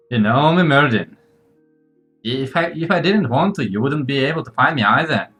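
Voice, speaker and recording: A man voicing a roguish uncle who likes being hard to find, teasing and offhand. His pitch rises and falls a lot and he takes his time. Faint music sits behind him. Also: animated, unhurried, a bit bright. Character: roguish elusive uncle, playful and secretive.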